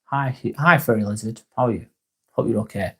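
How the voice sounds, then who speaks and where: An English man hosting a live stream in a casual, rambling chat, reading out and answering viewer comments with a halting, sincere manner. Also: mid-range voice, breathy edge. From England. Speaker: livestream host.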